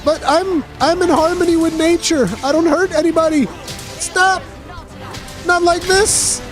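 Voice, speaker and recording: A man voicing a scared, gentle male monster lord that begs to be spared, in a whiny, high-pitched plea. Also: steady tone, measured pace. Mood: pleading. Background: game music.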